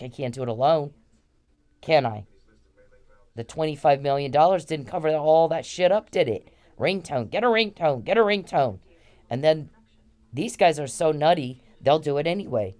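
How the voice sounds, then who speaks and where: A woman's voice: very deep voice, mellow. A woman vlogging, ranting confrontationally and with profanity at a man she accuses. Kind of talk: angry direct-to-camera rant.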